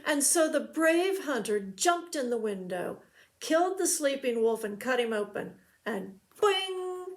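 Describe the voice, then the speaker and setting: A children's librarian reading a storybook aloud, her voice high and bright. She narrates slowly and expressively and gives every line room. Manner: slow and expressive.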